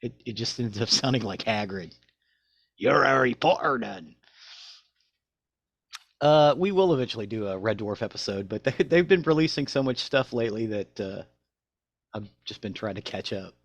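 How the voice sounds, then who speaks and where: Low-voiced man reading podcast notes. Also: expressive, a little fast, no echo. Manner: reads facts aloud, then chats loosely. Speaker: podcast co-host. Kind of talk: reading show notes and casual chat.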